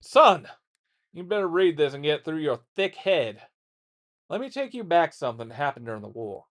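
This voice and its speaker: A man voicing a gruff old war veteran father who lectures his son in a blunt, coarse, folksy way. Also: a little high, very animated, normal speed, fairly bright tone. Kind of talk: reading a letter aloud in character.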